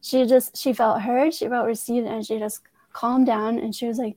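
A woman's voice: on the high side, flat delivery, moderate pace, few pauses, a little mellow, slight background noise. A woman who works as a transformative coach, earnestly telling a personal story in a conversational way, often restarting her sentences.

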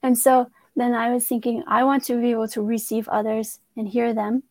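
A woman's voice: on the high side, little pitch movement, moderate pace, no echo. A woman who works as a transformative coach, earnestly telling a personal story in a conversational way, often restarting her sentences.

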